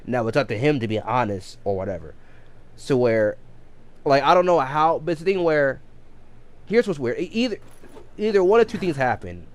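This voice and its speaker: A man's voice: mid-range voice, expressive, normal speed, pauses often. A man casually telling a long story on a game livestream, rambling with many restarts and self-corrections. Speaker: game streamer.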